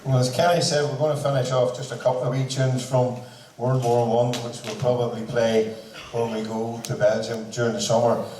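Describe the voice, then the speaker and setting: A man's voice: medium pitch, little pitch movement, moderate pace, few pauses, warm tone. A man telling a joking anecdote to a concert audience, acting out the other people's lines. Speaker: band member speaking at a concert. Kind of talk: storytelling speech to an audience. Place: large hall, speaking to a seated crowd. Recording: echoey hall from far off, faint noise.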